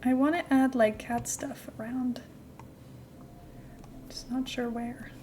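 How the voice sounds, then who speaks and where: A young adult woman streaming a game from home, chatting in a rambling, casual way and cooing softly at her cat now and then. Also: high voice, fairly even intonation, slow pace, slight background noise. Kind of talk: casual live-stream chat while gaming.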